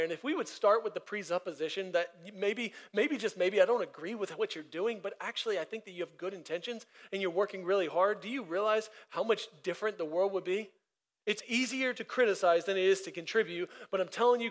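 A man's voice: high voice, fairly bright tone. A man preaching a sermon as pastor, emphatic and conversational, repeating himself and laughing at his own stories.

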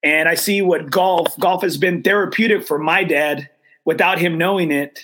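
A man's voice: on the high side, moderate pace, a bit bright. A man hosting a casual chat, earnest and grateful, peppering his talk with "man" and "dude". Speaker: host.

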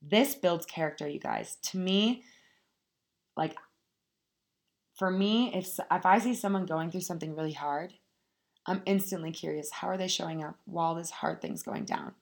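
A woman's voice: lowish voice, moderate pace, gravelly, pauses often. Candid, swearing young woman vlogger. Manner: candid, swears freely, laughs often, animated storytelling. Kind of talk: casual motivational talk to camera.

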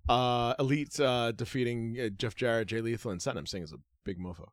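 A man's voice: mid-range voice, fairly even intonation, fairly quick, dry recording, studio quality. A man co-hosting a podcast in casual chat, rambling through his points with many "uh" fillers and some swearing. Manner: rambling, full of "uh" fillers, profane. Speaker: podcast co-host.

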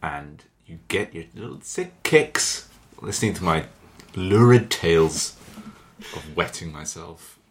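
A man co-hosting a comedy podcast, deadpan and self-mocking with quick comebacks. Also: low voice. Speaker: podcast co-host. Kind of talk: casual comedy chat.

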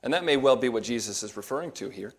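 A man delivering an expository sermon, walking his listeners through a passage verse by verse. His tone is measured and patient, rising to stress the words that carry the point. His voice sits in an ordinary middle register. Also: mid-range voice, expressive. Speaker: pastor.

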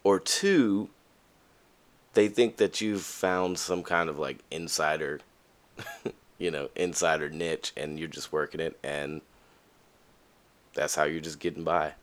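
A man's voice: a bass voice, fairly even intonation, takes it slowly, long pauses. A young man hosting a podcast, talking candidly in a casual monologue and acting out the voices of people he quotes. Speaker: podcast host.

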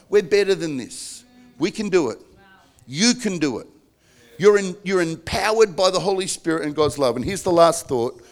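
Middle-aged male pastor, earnest sermon delivery, fairly high voice, breaks into shouted role-play. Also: lively intonation, normal speed. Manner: earnest, acts out couples' quarrels in bursts of shouting.

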